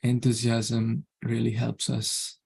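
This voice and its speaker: A man with a gravelly, mid-range voice leads an online scripture class. He talks earnestly and keeps circling back to the same words. He gives a small chuckle now and then. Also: mid-range voice, completely flat delivery, slow, a little mellow. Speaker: class leader.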